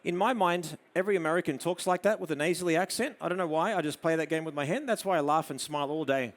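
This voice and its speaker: Australian male presenter, fairly high voice, live photo demo, drops to soft murmurs when directing the model. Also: fast talker. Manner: coaxing a model with soft murmured praise between explanations. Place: studio demo before an audience.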